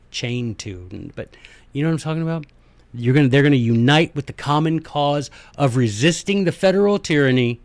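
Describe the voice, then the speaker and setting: A man hosting a podcast, giving a casual, animated lecture on history and politics and slipping into little skits. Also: medium pitch, no room sound. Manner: animated, folksy, acts out little skits in voices. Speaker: podcast host.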